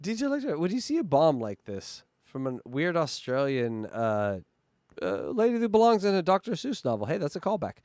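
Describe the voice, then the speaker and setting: A man hosting a show, reacting to comedy clips with mocking, animated asides. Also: a little high, brisk, no echo, clean studio sound. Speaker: host. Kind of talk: casual reaction commentary.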